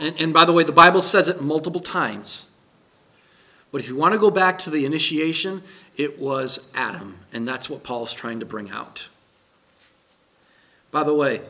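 A man's voice: fairly high pitch, sharp tone. A man preaching a sermon as pastor, emphatic, putting questions to the congregation.

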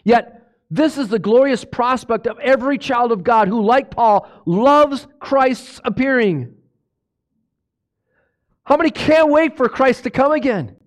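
A man preaching a sermon, asking the congregation questions and swinging between hushed low lines and loud exclamations. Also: animated, a little slow. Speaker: pastor.

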